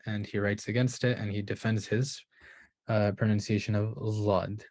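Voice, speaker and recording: A man's voice: fairly low pitch, fairly even intonation, moderate pace, a little mellow. A man giving a lecture on Qur'an pronunciation, thinking aloud with restarts and checking in with "right?". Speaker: Qur'an recitation teacher. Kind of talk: explanatory lecture.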